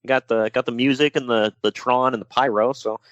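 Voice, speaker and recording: Joking and animated, a man co-hosting a relaxed wrestling podcast keeps sliding into mock voices. His voice is medium-pitched and fairly quick, and the audio is dull with no echo.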